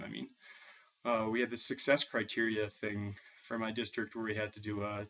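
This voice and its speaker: A young music teacher from Massachusetts, speaking with a New England accent, thinks aloud in a casual, hesitant, reflective way, restarting often. His voice is fairly low and a bit bright, captured on a dull lo-fi recording.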